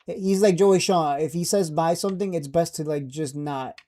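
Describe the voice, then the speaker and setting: A man's voice: a little high, normal speed, warm tone. Brash, joking stock market streamer man. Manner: brash, joking, laughs at own jabs. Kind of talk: casual market commentary.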